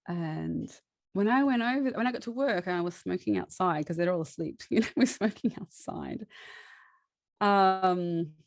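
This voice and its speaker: A woman's voice: lowish voice, no echo, studio quality. A woman, a guest chatting through a personal story, laughing often and restarting her sentences.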